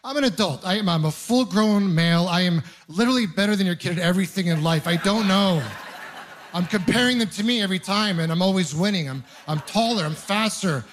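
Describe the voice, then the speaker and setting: A young man from Ontario doing a stand-up comedy set, telling stories deadpan with bursts of mock outrage. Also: high-pitched, brisk. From Ontario, Canada. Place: comedy club stage with audience laughing.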